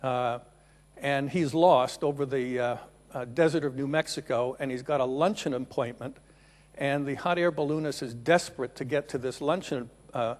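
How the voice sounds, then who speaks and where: Middle-aged man lecturing in echoing hall. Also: mid-range voice. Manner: unhurried lecturing, pauses often to rephrase. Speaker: conference keynote speaker. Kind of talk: conference presentation. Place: large conference room. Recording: reverberant conference hall.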